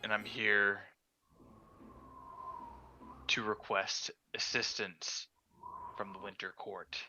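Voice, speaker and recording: Man playing a solemn knight envoy, low and slow. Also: flat delivery, over music. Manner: formal, solemn. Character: stern armored male knight envoy.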